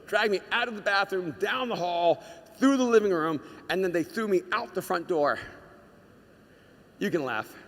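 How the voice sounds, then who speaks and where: A man preaching a sermon to a congregation, telling a personal story in an animated way and shouting out the lines he quotes. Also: high voice, moderate pace, long reverb tail. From United States. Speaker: pastor.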